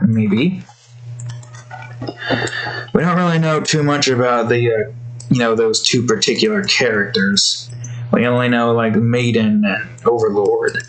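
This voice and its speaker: A man's voice: mid-range voice, low-quality recording. A man thinking aloud while he draws, rambling with fillers and talking to his cat between remarks. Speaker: artist drawing on stream. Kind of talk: casual commentary while drawing.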